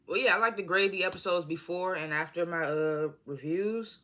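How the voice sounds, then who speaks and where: Here an American vlogger loosely reviews a TV episode on a phone, slipping in slang, side comments, and self-corrections as the rambling goes on. The mid-range voice moves at normal speed and sounds pushed and bright.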